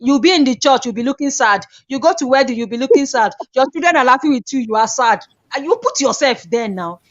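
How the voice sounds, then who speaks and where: A woman co-hosting a casual talk, animated and quick to laugh. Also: sits high, lo-fi sound. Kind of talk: casual chat.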